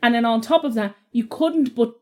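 A woman's voice: a little high, moderate pace, warm tone. A woman on a podcast telling a story in a casual chat, acting out both sides of an argument. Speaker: podcast co-host.

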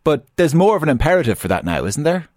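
A man's voice: on the high side, very animated, fast, darkish tone, no echo. A male interviewer asking long, stumbling questions, often repeating words as he frames them.

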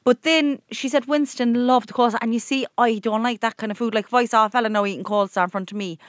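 A young Irish woman co-hosting a podcast, chatting casually and launching into lively, animated anecdotes. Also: fairly high pitch, no room sound, studio quality. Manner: rapid, animated anecdote-telling. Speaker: podcast co-host. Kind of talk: casual chat.

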